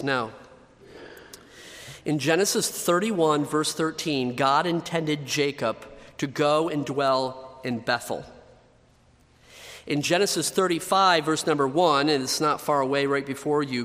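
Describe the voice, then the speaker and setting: A man's voice: medium pitch, fairly bright tone, big-room sound. A man preaching a sermon as pastor, emphatic, repeating key phrases for effect.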